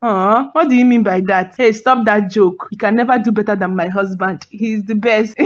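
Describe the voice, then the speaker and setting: A woman's voice: medium pitch, a little slow, dull audio, lightly acted. A woman with a Nigerian accent voicing a doting, proud wife and mother in a cartoon, effusive and full of sighs of delight. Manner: effusive, sighing "aw", laughs often. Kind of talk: cartoon voice acting.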